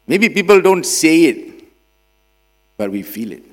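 Guy preaching slow n dramatic, big swings up and down, echoey church hall with a hum. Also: on the high side, very animated. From Singapore. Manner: dramatic swings between loud emphasis and quiet drops. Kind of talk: sermon. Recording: long hall reverb with mains hum.

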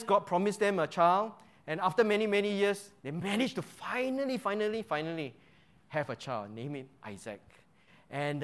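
A man with a notably high-pitched voice leads an interactive Bible lesson. He keeps asking his listeners questions and checking in with them. He repeats key phrases to drive his points home. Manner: quizzes the audience with frequent "right?" checks. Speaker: Bible teacher.

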